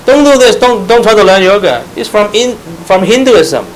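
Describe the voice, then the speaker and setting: Speaking English with a Chinese accent, his native language being Mandarin, a man delivers an earnest, emphatic Bible study sermon straight to his audience. He sounds very animated at a normal speed, his voice slightly high for a man, over a faint hiss and poor audio.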